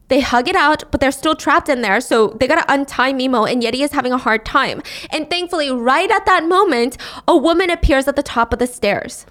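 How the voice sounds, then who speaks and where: Young woman podcast host, high voice, lively casual recap. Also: normal speed. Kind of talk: animated casual storytelling.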